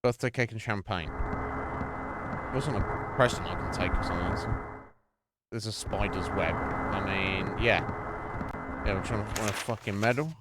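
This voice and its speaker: A man's voice: lowish voice, measured pace, long pauses, heavy background noise. A man streaming a horror game, chatting casually, rambling and swearing often as he laughs at himself. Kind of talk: casual live gameplay chat.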